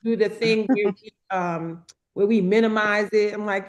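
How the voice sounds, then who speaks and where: A woman guest on a spiritual group call, speaking earnestly and haltingly, often repeating her words. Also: medium pitch, fairly even intonation. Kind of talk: casual testimony on a group call.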